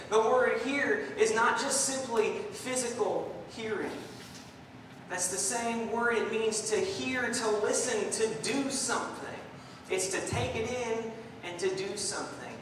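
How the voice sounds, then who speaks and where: Speaking a little slowly in a high voice, a young guest preacher from Southern California animates his sermon stories by voicing the people in them. The setting is a church sanctuary, recorded from a distance with echo and faint noise.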